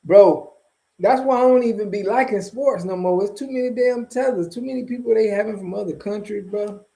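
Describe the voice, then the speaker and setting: A man's voice: high voice, fairly quick, vocal fry, warm tone. A man from Florida giving casual, rambling commentary in a vlog, heavy on slang and chuckling between points. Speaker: vlogger.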